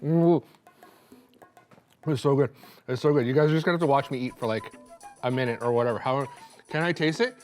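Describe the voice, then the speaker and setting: A young man hosting a cooking show, rambling and joking excitedly as he cooks and tastes in a studio kitchen. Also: medium pitch, a little fast, pauses often, faint music behind. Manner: hyped, rambling, joking, laughing between lines. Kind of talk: casual on-camera cooking chatter.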